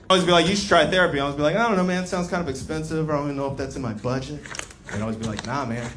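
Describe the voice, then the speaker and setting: A man's voice: fairly high pitch, rapid-fire, background noise. A man in his thirties doing stand-up in a laid-back, self-mocking way. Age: 30s. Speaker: stand-up comedian. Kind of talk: stand-up set.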